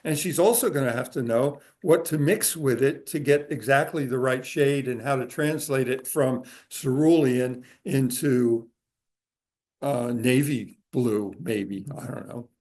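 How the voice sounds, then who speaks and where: A man of medium pitch gives a conversational lecture to a group gathered in a room. He explains things patiently and casually, often pausing on filler words as he goes. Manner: relaxed, explanatory, with frequent "uh" pauses. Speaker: speaker giving a talk to a group. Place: room with a live audience.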